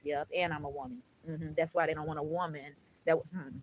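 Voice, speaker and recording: A woman's voice: low voice, fairly even intonation, a little fast, few pauses, darkish tone, slight background noise, poor audio. A woman vlogger in an emotional monologue to camera, blunt and preachy, swearing often and calling viewers "baby" and "honey.".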